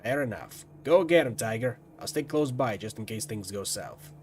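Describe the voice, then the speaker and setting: Man doing a gravelly sardonic vampire detective. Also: on the low side, expressive, moderate pace, a little mellow, a little hiss or hum. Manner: sardonic, street-wise. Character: gruff middle-aged male vampire detective, sardonic.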